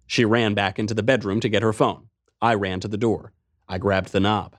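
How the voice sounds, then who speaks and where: A man's voice: fairly low pitch, steady tone, normal speed, no echo, studio quality. A man narrating a first-person adventure story in a tense, driving way.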